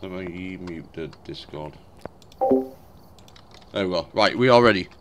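A man's voice: low-pitched, measured pace, background noise. A young British man streaming a ghost-hunting game with friends, swearing freely and calling everyone mate. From Britain. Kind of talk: casual gaming stream chat.

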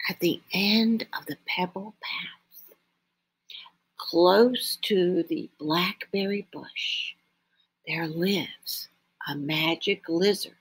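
Woman voicing a soft-spoken wind-up toy mouse. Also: high-pitched, exaggerated voice. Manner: soft and hushed. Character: gentle wind-up toy mouse, content and mysterious.

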